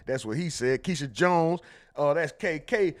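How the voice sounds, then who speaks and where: A man's voice: fairly high pitch, animated, a little slow. Slangy man hosting a livestream. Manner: slangy, reads chat comments aloud. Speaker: livestream host. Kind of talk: casual livestream chat.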